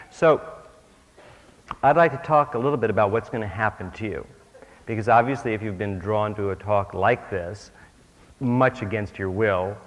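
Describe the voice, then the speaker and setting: A man giving a humorous workshop talk as a spiritual teacher on stage, full of self-mocking asides. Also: lowish voice. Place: stage before an audience. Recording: dull old recording, long hall reverb, faint hiss.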